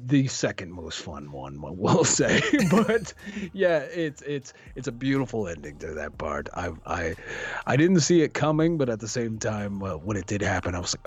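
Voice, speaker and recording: Man, husky, animated, excitable, swears for emphasis, casual podcast chat. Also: fairly low pitch, moderate pace. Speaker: podcast co-host. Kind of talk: casual movie review chat.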